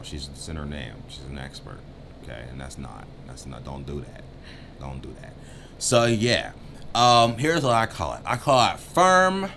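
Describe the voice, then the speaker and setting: A man co-hosting a dating advice chat, joking and talking without a filter, swinging between loud bursts and muttered asides. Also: extremely low pitch, slight background noise. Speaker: co-host giving dating advice. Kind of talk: casual uncensored chat.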